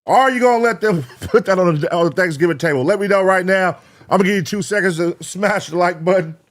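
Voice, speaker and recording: A man's voice: high voice, fast talker. Male reaction streamer, casual and profane, chatty with the audience. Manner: profane, rambling, talks to chat. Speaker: reaction show host.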